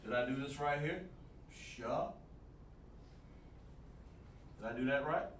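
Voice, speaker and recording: A man's voice: medium pitch, expressive, takes it slowly, fairly bright tone. Man teaching a live-streamed language lesson. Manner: repetitive, coaching, asks the chat for feedback. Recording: echoey room, distant mic, faint noise.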